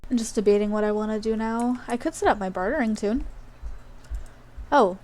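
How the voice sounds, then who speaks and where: A woman's voice: on the high side, fairly quick, a little mellow. Chatty woman streamer from Australia. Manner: rambling, chatty, with many fillers and asides. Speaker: game streamer. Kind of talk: casual live-stream chat while gaming.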